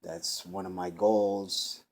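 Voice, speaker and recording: Deep-voiced man, rambling interviewee, hesitant, faint background hiss. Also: level tone, slow, darkish tone. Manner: rambling, hesitant, many fillers. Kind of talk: casual conversation.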